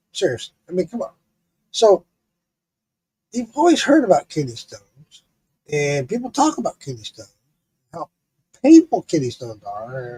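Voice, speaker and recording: A man's voice: a little high, husky. A middle-aged man streaming live, telling a story in a casual, profane way, laughing often. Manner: profane, laughing, animated retelling.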